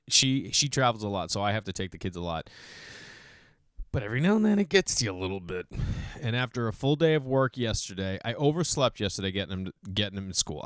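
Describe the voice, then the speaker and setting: Smooth-voiced man in a casual monologue. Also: on the low side, no room sound, studio quality. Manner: animated storytelling, mimics voices. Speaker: podcast host.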